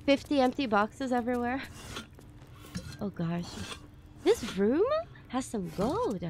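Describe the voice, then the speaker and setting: A woman streaming a game live, reacting excitedly, swearing, and thanking viewers in casual chat. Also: on the high side, slow pace, a little hiss or hum. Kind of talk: live gameplay commentary.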